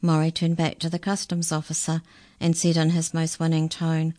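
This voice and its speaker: A woman reading a children's story aloud in a calm, measured storytelling voice. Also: deep voice, no echo, studio quality. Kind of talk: storybook narration.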